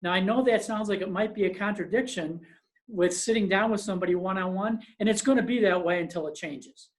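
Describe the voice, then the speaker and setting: A presenter on a business webinar speaks in a mid-range voice, neither high nor low. The delivery moves from storytelling into emphatic, practical advice for the listeners, and the sound is that of a video call. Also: a little fast.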